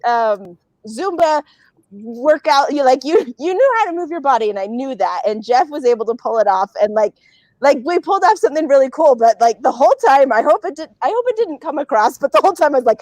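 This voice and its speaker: A woman with a high voice talks over a video call about directing a show. She rambles animatedly and laughs often. Her recording is dry, with no room sound. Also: animated, brisk, a little mellow, no room sound, low-quality recording. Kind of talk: casual reunion chat.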